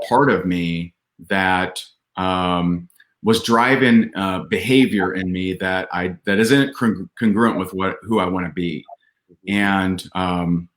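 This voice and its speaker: A man's voice: low-pitched, fairly bright tone, reverberant. A man talking as a podcast guest, telling a candid personal story earnestly, with frequent restarts and fillers.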